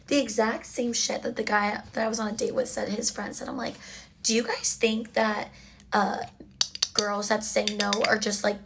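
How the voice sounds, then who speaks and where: A young woman casually telling a storytime while getting ready, chatty and exasperated, dropping to a low mutter for asides. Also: fairly bright tone, a little hiss or hum.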